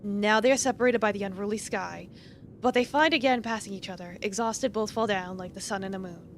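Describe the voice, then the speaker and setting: A woman voicing a steady young woman in a game, speaking softly and reassuringly. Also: mid-range voice, a little hiss or hum, pitched below the performer's own voice, close to an everyday voice. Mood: incanting. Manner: soft, measured, soothing.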